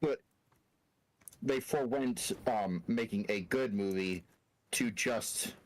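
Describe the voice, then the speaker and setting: A man's voice: on the low side, slow pace. A man chatting on a gaming stream, musing and a bit hesitant. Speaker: co-player. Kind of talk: casual stream banter.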